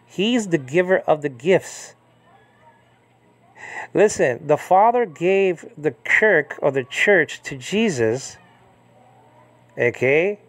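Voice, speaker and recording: A man giving an informal Bible lesson on Greek words, rambling and often asking the listener if they understand. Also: on the high side. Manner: rambling, repeats questions to listener. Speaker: Bible teacher.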